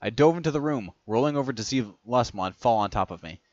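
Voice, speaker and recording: A man's voice: medium pitch, expressive, fast, a little mellow, no room sound, lo-fi sound. A man reading a first-person fan story aloud, who often stumbles and corrects himself as he reads. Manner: stumbling over words, self-correcting as he reads.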